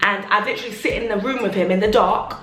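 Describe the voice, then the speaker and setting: A woman's voice: medium pitch, fast talker, a bit bright. A young woman talking casually to her vlog audience, full of fillers and acting out things people said to her. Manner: chatty, filler-heavy, acts out remembered remarks. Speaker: vlogger. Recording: roomy echo, faint music.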